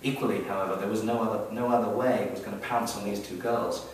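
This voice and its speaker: A man reading his own story aloud at a live event, wry and expressive, building up the action. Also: lowish voice, fast, a little hiss or hum. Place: event hall, heard from the audience area. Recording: very echoey hall, mic far off.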